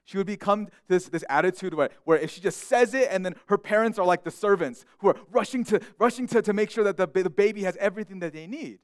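A man's voice: high voice, fast talker, few pauses, no echo, studio quality. A young man preaching a sermon as pastor, speaking earnestly and often repeating words as he restarts a thought.

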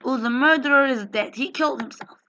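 A woman's voice: high-pitched, brisk, bright, forceful tone, muffled recording, slight background noise. A woman hosting a casual multiplayer game video, joking and laughing as she plays and talks to viewers. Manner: giggly, jokey, talks to viewers. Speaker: gaming channel host. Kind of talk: casual let's-play chat.

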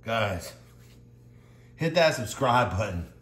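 A man's voice: lowish voice, sing-song, slow pace, a bit bright. A man vlogging as he scratches lottery tickets, exclaiming to his viewers, tearful and overwhelmed, rambling as he talks. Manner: exclaiming, emotional, rambling, addressing viewers as y'all. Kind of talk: excited casual commentary. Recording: echoey room with background noise.

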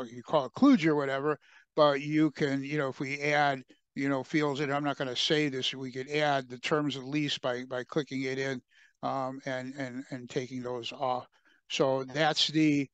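A man presenting a software demo in a webcast, talking through his screen with frequent fillers and restarts. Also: mid-range voice, clean tone, no room sound. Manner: halting, many fillers and restarts.

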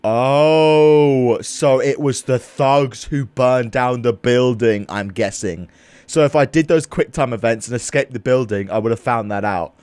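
A young man, reacting loudly and swearing while narrating a video game. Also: mid-range voice, measured pace, clear, resonant tone, dry recording. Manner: excitable, swears, mock accents. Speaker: gaming YouTuber. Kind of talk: let's play commentary.

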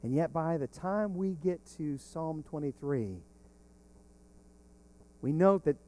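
A man preaching a sermon as pastor, slow and emphatic, swelling on key words. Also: a little high, dark tone.

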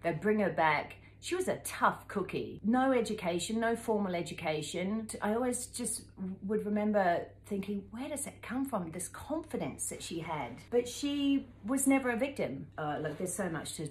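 A woman in her fifties with a New Zealand accent, telling a travel story to camera in a lively, animated way and acting out the voices in it. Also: on the low side, reverberant, a little hiss or hum, rough recording. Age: 50s. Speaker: travel vlogger.

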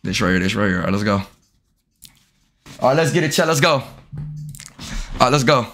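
A man's voice: mid-range voice, animated, fairly quick, fairly bright tone, soft background music. Brash, cursing young male streamer. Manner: brash, profane, talks straight to chat. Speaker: live streamer. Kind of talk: live stream chat with video-call strangers.

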